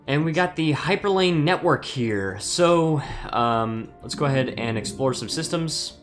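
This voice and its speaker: A man's voice: a little high, expressive, unhurried. A man streaming a strategy game, chatting casually, laughing often and reading chat aloud. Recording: faint background music.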